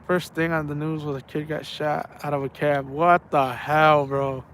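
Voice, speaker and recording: A man's voice: a little high, level tone, normal speed, fairly bright tone, a little hiss or hum. A man telling a story casually outdoors at night. He rambles and repeats himself and drops slang like "man" and "bro". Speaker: angler telling stories on a night fishing trip.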